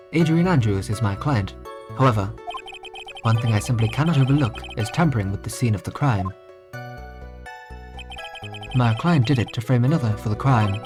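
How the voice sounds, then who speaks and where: A streamer voicing a suave, cold male hired assassin from game dialogue, in a measured, aloof manner. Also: mid-range voice, voice pushed down, lightly acted. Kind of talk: reading game dialogue aloud. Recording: game music behind voice.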